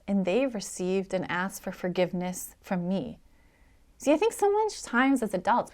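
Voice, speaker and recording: Middle-aged woman pastor, gravelly texture, conversational storytelling sermon. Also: mid-range voice. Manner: conversational storytelling with animated quoted voices. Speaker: executive pastor.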